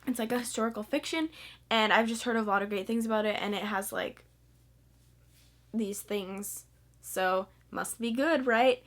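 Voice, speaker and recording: A bubbly young woman talks casually into a camera in a small room, her voice sitting a bit high. She gushes and rambles with plenty of fillers, eager and excitable. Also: normal speed. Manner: bubbly and excitable, lots of fillers, squeals and laughs. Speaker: book vlogger. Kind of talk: casual chat.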